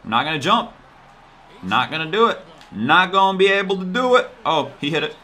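Excitable young man narrating his basketball game. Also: high-pitched, fairly quick. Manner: excitable, talks to the players on screen, swings from mutters to yells. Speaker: gaming YouTuber. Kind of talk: live gameplay commentary.

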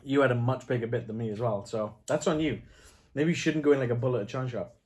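A man co-hosting a casual snack tasting chat, reading packet blurbs aloud slowly and making dry jokes. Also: mid-range voice, darkish tone. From United Kingdom. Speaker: co-host.

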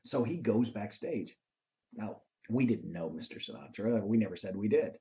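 A man hosting his own show, telling a motivational story in an animated way and acting out the lines of the people in it. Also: fairly low pitch, normal speed, muffled recording. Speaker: host.

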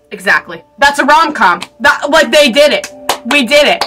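High, lively young woman gushing over a film. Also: normal speed, soft background music. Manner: gushing, excitable, swearing, frequent laughing outbursts. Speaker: movie reaction vlogger. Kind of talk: casual movie reaction commentary.

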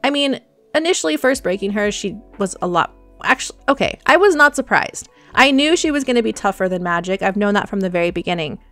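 A young woman hosting a gaming channel, chatting casually and excitedly through her gameplay and talking to her animals. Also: medium pitch, fast talker. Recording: dry close mic with faint music.

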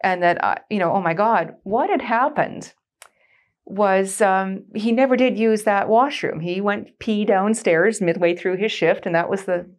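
A woman in her forties from Canada, a former military switchboard operator, telling an oral history story in a lively, anecdotal way and laughing often. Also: mid-range voice, unhurried. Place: board room of a museum.

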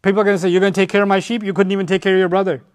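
Man voicing scheming brothers, insistent and falsely earnest, pitched high. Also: level tone, very fast, close to an everyday voice. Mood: pleading. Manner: earnest and insistent, protesting innocence. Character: scheming grown brothers pleading with their father.

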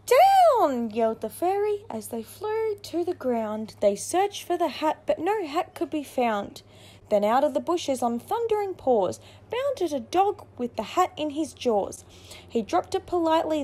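A woman reading a picture book aloud, with expressive storytelling. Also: sits high. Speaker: narrator.

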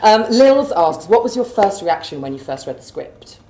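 A host with a medium-pitched, very animated voice runs a live interview at an office event space, reading viewer questions in a bubbly, upbeat, enthusiastic way. She speaks at normal speed in an echoey room with crowd noise.

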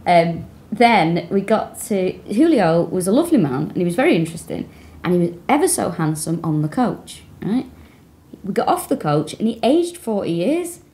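A woman co-hosting a comedy podcast in casual chat, a playful, animated storyteller. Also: lowish voice, normal speed.

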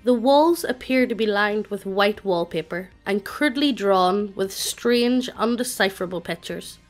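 A text-to-speech woman's voice narrating a tabletop game, with a flat, evenly paced computer reading. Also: mid-range voice, measured pace, faint music behind.

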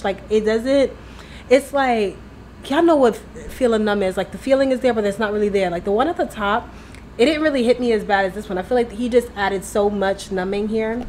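A woman's voice: fairly high pitch, a little fast, slight background noise, low-quality recording. Chatty young woman with a numb mouth. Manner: chatty, swears freely, rambling and animated. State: numb mouth, speech slightly slurred. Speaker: vlogger. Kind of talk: casual vlog chat to camera. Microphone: handheld camera at arm's length.

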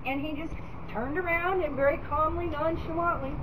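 A woman's voice: high-pitched, moderate pace, heavy background noise. A woman casually telling a detailed story of something that happened to her. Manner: recounts events in detail, animated.

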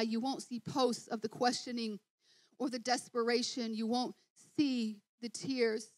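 A woman preaching a sermon in church, telling the story in lively scenes with voiced asides and rising excitement. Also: high voice, no echo.

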